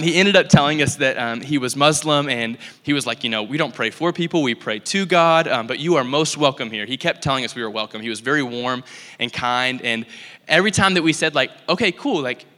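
A young man giving a casual, animated story-filled talk in church, full of likes and ums. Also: medium pitch. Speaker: church speaker. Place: church hall. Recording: long hall reverb.

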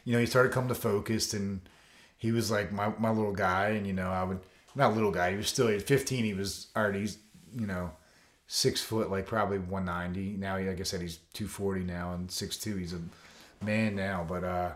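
A man's voice: on the low side, steady tone, a little fast. A man, a coach, telling stories in a casual interview, loose and rambling with lots of fillers, acting out the lines of the people in them. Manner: loose and rambling, full of "you know" and "like", acts out quotes. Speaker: coach and foster dad, interview guest. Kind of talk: casual storytelling in a podcast interview. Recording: roomy echo.

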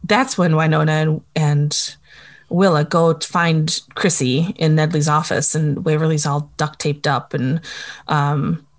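A woman's voice: low voice, measured pace. A woman co-hosting a casual chat, recapping with lots of laughter and playful acted-out lines. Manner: animated, laughs often, acts out characters' lines. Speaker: podcast co-host recapping a TV episode.

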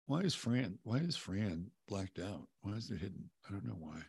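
Rambling man hosting a livestream, low voice. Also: big pitch swings, moderate pace, creaky, darkish tone, husky, no room sound. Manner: rambling, loose, swears casually, many fillers and restarts. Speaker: livestream host. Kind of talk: casual livestream chat reading viewer comments. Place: home, living in Texas.

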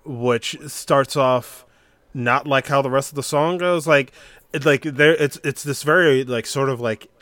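A man co-hosts a music podcast, chatting casually in an unhurried, fairly bright mid-range voice with no echo. He rambles on, full of fillers and restarts.

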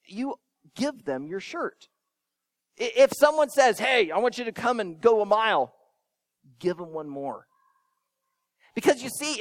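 High, lively-voiced male preacher. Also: no echo. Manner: expressive, swinging between emphatic and soft; addresses young listeners directly with questions. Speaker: pastor. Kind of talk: sermon.

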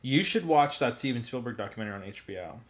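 A man co-hosting a casual movie chat, easygoing and quick to agree. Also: medium pitch, expressive. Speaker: podcast co-host.

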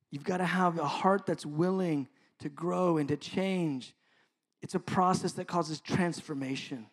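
High-voiced preaching pastor. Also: male voice. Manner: impassioned preaching that drops to soft, intimate asides. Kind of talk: sermon.

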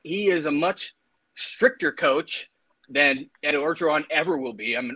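Bright-voiced opinionated man. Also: fairly high pitch, normal speed, slightly rough, dry recording, rough recording. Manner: opinionated, laughs while arguing. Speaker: co-host. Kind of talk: casual sports chat.

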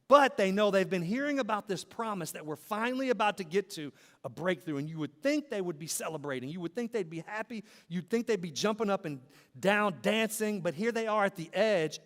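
A man's voice: high voice, lively intonation, fairly quick, a bit bright. A man preaching a sermon as pastor, in a rhythmic style with repeated phrases that build to emphatic peaks. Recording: long hall reverb.

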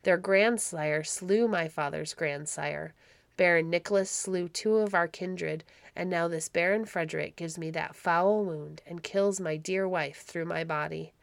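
A woman reading aloud, voicing a wounded, vengeful medieval baron with a rough, vehement manner. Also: fairly low pitch, measured pace, no echo. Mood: bitter.

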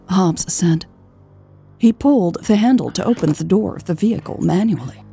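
A woman reading an audiobook as its narrator, in a measured, even way. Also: lowish voice, gravelly, slightly rough, soft background music.

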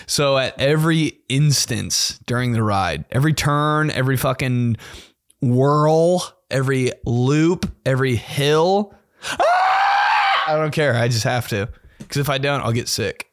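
A man's voice: mid-range voice, unhurried, dry recording, studio quality. A young man hosting a podcast, telling a story in a casual, profane, slangy way and laughing often. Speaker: podcast host.

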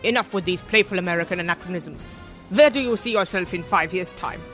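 A woman's voice: fairly low pitch, brisk, a bit bright, soft background music, close to an everyday voice. A woman playing a stern female Nazi job interviewer in a comedy sketch, with a put-on German accent and a clipped, officious manner. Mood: haughty, officious.

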